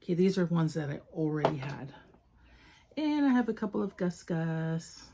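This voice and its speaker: A woman chatting casually while unboxing toys, soft-spoken and gushing, often dropping to a whisper. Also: deep voice, moderate pace, creaky, noisy background. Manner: gushing over each toy. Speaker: toy collector vlogger.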